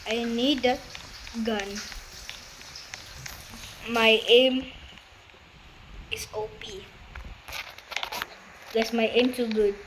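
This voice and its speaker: A woman's voice: fairly high pitch, steady tone, drawn-out words, pauses often, noisy background. A woman giving casual commentary on her own gameplay. She talks straight to her viewers, breaks out in laughter and exclamations, and uses loose, broken grammar. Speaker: gamer narrating her own play.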